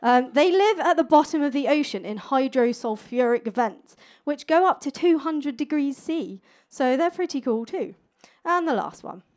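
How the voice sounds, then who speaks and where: A woman's voice: high voice, animated, a little mellow. A young woman doing a playful, cheeky stand-up comedy set on stage before a live audience. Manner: playful, cheeky, quick with jokes.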